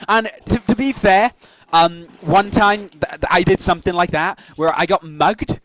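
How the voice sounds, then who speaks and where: A man's voice: sits high, normal speed, a crowd in the background. A young man, a podcast co-host, telling funny stories in casual chat, swearing and acting out the voices of the people in them.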